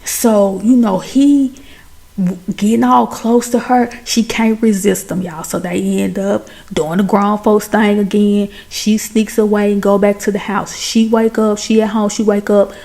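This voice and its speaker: A woman giving a chatty, animated recap of a TV drama, talking straight to her viewers. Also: mid-range voice, a little slow, gravelly. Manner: chatty, addresses viewers as y'all and baby; animated, exclaims over plot twists. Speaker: TV show recapper.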